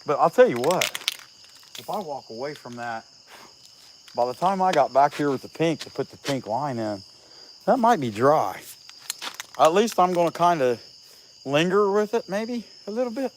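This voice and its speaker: A chainsaw carver from Southeast Ohio, with a country, Appalachian-leaning accent, livestreams from a rural outdoor carving spot, chatting casually, joking in a folksy way, and reading out viewer names while he works. He's out of breath, his voice is on the high side and expressive, and he moves at a moderate pace with long pauses. The low-quality recording carries a little hiss or hum.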